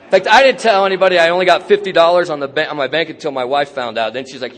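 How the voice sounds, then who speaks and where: Fast-talking man sharing his recovery story. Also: a little high, fairly bright tone. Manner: candid, streetwise storytelling with slang and self-mocking humor. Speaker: AA convention speaker. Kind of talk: personal recovery talk. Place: convention speaker session.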